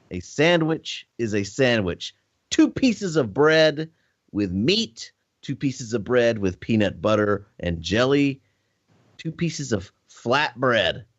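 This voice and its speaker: A man's voice: mid-range voice, fairly bright tone, dry recording, lo-fi sound. A man co-hosting a podcast, arguing his point emphatically. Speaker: podcast co-host. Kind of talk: casual chat.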